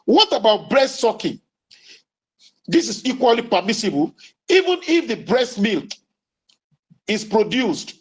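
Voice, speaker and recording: A man giving a religious lecture as an Islamic preacher, deliberate and emphatic, quoting Arabic sayings and repeating key lines. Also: very high-pitched, big pitch swings, slightly rough, low-quality recording. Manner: quotes Arabic sayings then explains them.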